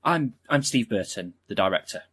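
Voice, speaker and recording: A man's voice: fairly low pitch, animated, normal speed, a bit bright. A man playing a flustered, polite director. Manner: polite, hesitant, apologetic. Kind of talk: sketch comedy acting.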